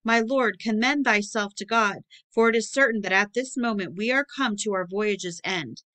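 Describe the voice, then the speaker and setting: A woman reading the lines of grim medieval sailors speaking gravely in archaic words. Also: mid-range voice, moderate pace, a bit bright, natural voice.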